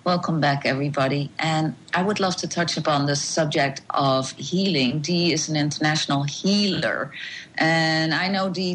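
A woman's voice: sits low, a bit bright, a little hiss or hum. A woman hosting an interview who introduces her guest and answers the story with brief affirmations. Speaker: host. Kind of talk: interview host.

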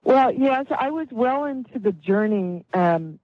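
A middle-aged or older woman, a guest healer, telling a story in an interview with animated delivery and acted-out quotes. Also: fairly high pitch, measured pace, no room sound, lo-fi sound.

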